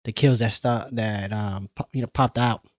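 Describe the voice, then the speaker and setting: A man co-hosts a podcast in laid-back, profane casual chat, capping his lines with "man." His fairly low voice is a little mellow, with fairly even intonation and a moderate pace. The recording is dry, with clean studio sound.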